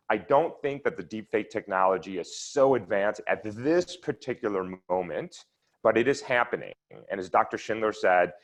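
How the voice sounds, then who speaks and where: Low-voiced man lecturing on research. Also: a bit bright. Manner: explanatory, walks listeners through charts step by step. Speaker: researcher presenting at an online seminar. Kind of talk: lecture with slides.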